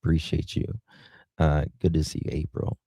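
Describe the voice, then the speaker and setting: A man's voice: a bass voice, monotone, moderate pace, background noise. A man hosting a casual livestream, thanking viewers one by one with affectionate endearments. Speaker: livestream host. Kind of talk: casual livestream chat, reading viewer comments.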